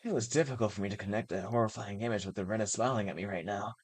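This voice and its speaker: A woman's voice: extremely low pitch, rapid-fire, slightly rough. A woman streaming a visual novel, narrating its first-person text aloud and laughing at moments. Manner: laughs and reacts excitedly between passages.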